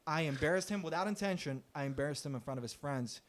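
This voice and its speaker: A man's voice: fairly high pitch, animated, fast. A man telling his caddie stories in a laid-back, wry and direct way during a casual interview. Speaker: golf caddie and guest.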